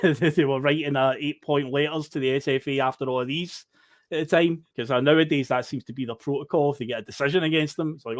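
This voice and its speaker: A man's voice: mid-range voice, no room sound, clean studio sound. A Scottish man hosting a football podcast, chatty and upbeat, often laughing. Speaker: podcast host. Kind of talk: casual football podcast chat.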